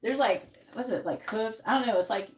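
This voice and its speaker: A woman's voice: on the high side, normal speed, slight background noise. A woman giving frank, swear-laden advice as a psychic tarot reader on a live stream, coaching the client on what to say.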